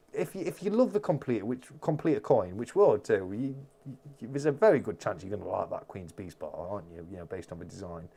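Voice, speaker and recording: A man's voice: fairly low pitch, a little mellow. A man hosting a casual live-stream chat, reading out viewer comments and rambling with many restarts.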